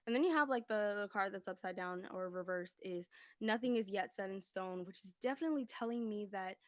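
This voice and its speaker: A woman's voice: mid-range voice, fairly quick, dry recording. A woman doing a casual live-stream tarot reading from home, a little out of breath, rambling and laughing as she checks whether viewers can hear her. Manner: rambling, chatty, laughs often, keeps asking if heard. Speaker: livestream tarot reader. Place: home room, indoors. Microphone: phone.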